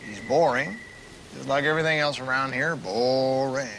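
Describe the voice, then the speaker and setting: A gravelly old Southern ex-astronaut. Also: male voice, medium pitch, moderate pace, a bit bright, slight background noise, poor audio. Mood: teasing grumpy. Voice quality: gravelly drawl. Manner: grumbling, plain-spoken. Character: aging human ex-astronaut, restless and discontented. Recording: TV episode clip with background ambience.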